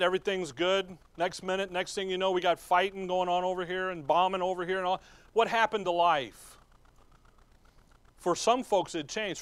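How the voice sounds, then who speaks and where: A man's voice: sits high, a bit bright, clean tone. A man preaching a folksy sermon, asking the congregation questions and chuckling as he goes. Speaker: pastor.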